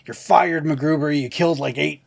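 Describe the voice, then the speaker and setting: Husky, laughing podcast co-host man. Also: fairly high pitch, fairly even intonation, fairly quick. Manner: laughs often, acts out movie quotes in funny voices, swears freely. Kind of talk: casual chat.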